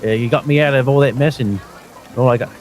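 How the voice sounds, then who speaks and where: Cowok main jadi cewek blak-blakan gampang kesel, nadanya naik tinggi banget, ngomongnya ketus. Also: male voice, medium pitch, fairly even intonation, fast talker, darkish tone, soft background music, voice pushed up, close to an everyday voice. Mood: grateful. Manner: blunt, cursing, impatient. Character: brash coarse woman fed up with haggling.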